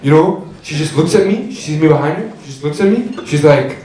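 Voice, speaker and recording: A young man telling a profane, animated stand-up story on a comedy club stage. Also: on the high side, fairly quick, distant mic. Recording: echoey club with crowd laughter. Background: audience laughter.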